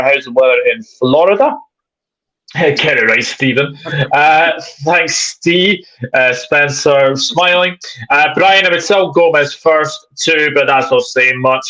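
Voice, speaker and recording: A man's voice: fairly high pitch, bright, forceful tone, highs cut off. A man hosting a live football chat stream, reading viewer comments aloud in a chatty way. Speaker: host.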